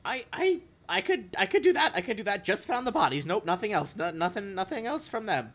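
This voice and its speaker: A man voicing a scared little creature caught spying, stammering and pleading in a high voice. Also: very animated, brisk, fairly bright tone, exaggerated voice. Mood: nervous. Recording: faint background noise.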